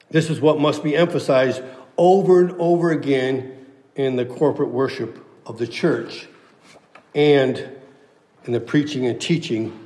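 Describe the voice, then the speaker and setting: A man's voice: medium pitch, a little mellow, echoey room, in a large hall. A pastor preaching a sermon to his church, emphatic and repeating key phrases for weight.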